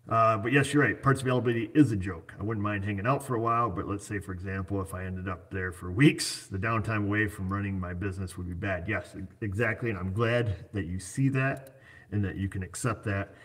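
A man who owns an auto repair shop, talking casually in a rambling, joking way and walking through hypothetical examples. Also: lowish voice. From United States. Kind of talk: casual chat.

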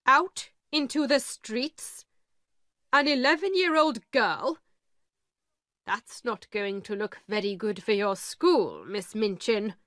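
A woman voicing a calm, grave male lawyer in a storybook reading, with a slow, matter-of-fact delivery. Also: on the high side, no echo, studio quality.

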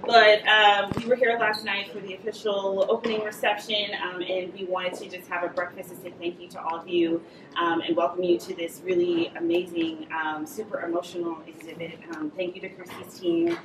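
A woman co-founder thanks her guests in a welcome speech, pausing on "um" often. She sounds distant, in an echoey room with clear background noise. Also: lowish voice, little pitch movement. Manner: warmly thankful, many "um" fillers.

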